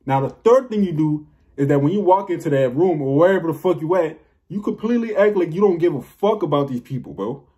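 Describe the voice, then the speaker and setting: A man's voice: a little high, lively intonation, brisk, mellow. A young man talking to camera about spiritual confidence, emphatic and profane, repeating his points. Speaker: spiritual vlogger. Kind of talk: casual spiritual monologue.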